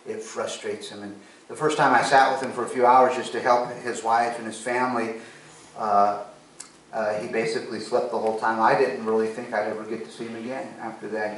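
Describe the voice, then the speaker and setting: A male pastor delivers his sermon with earnest storytelling, voicing each exchange in the tale. He sounds set back from the mic in a very echoey sanctuary, with a faint hum of room noise underneath. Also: lowish voice. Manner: earnest storytelling, acts out dialogue. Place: church sanctuary. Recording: echoey church from a distance.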